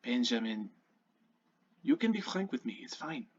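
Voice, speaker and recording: Man doing a gentle half-orc father. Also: medium pitch, very animated, unhurried, slightly rough. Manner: soft, gentle and reassuring. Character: warm fatherly half-orc male burgomaster. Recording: muffled lo-fi recording.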